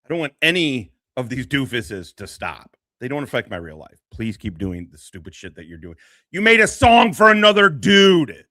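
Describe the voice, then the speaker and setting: Crude rambling man with a bright, dry voice. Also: medium pitch, very animated, moderate pace, dry recording. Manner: rambling, crude, laughing often. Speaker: commentary streamer. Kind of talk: profane reaction commentary.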